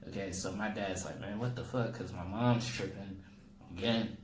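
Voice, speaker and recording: In an echoey room with a little ambient noise, a young man doing comedy spins a funny story in relaxed conversation. His fairly low voice stays steady and moderately paced, then jumps abruptly whenever he acts out the people involved.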